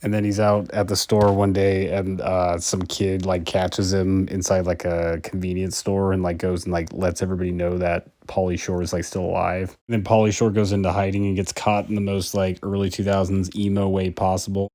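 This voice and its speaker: Low flat-voiced man rambling a film review. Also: normal speed, hardly any pauses, no echo. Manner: rambling, many fillers. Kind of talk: casual review talk.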